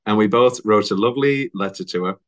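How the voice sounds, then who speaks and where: A man's voice: on the low side, fast. A young man hosting a casual film podcast, chatty and laughing often. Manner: chatty, laughs often, lively retelling with put-on voices. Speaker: podcast host.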